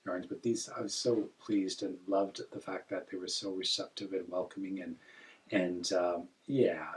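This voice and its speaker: A man from northern Ontario chatting casually, telling lively, rambling stories full of self-corrections. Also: low-pitched, moderate pace, distant mic. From northern Ontario, Canada. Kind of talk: casual chat.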